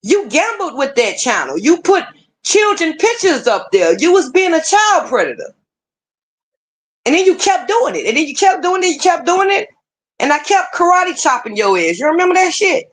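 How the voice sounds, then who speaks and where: A woman's voice: very high-pitched, moderate pace. A woman hosting a livestream, ranting heatedly and swearing freely at online rivals. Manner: heated, profane, animated. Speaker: streamer host. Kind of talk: profane ranting livestream talk.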